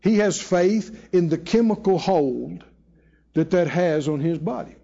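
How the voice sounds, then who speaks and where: A man preaching to a congregation in a church, his voice pitched very high and swooping widely as he leans on key phrases. He slips into other people's voices to tell his stories. The recording is dull and lo-fi. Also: lively intonation, creaky, dark tone. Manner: emphatic, call-and-response, drawn-out phrases; storytelling with voiced quotes. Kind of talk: sermon. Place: church hall with live audience.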